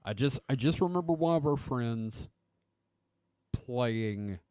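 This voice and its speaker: A man's voice: medium pitch, takes it slowly, clean tone, dry recording. A man co-hosting a podcast, chatting casually and joking with swearing. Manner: joking, swears, lively reactions. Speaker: podcast co-host. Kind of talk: casual chat.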